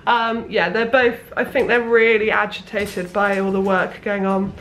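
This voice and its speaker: A woman's voice: medium pitch, flat delivery, measured pace, a bit bright, slight background noise. A young woman, a sewing vlogger, chatting casually at her parents' house with plenty of ums and restarts. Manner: chatty, rambling, lots of fillers. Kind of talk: casual chat.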